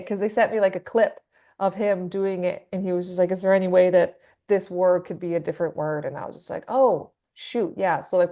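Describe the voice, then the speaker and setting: Woman, metal singer, casual interview, chatty, laughs often, quotes people in lively voices. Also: fairly low pitch, vocal fry.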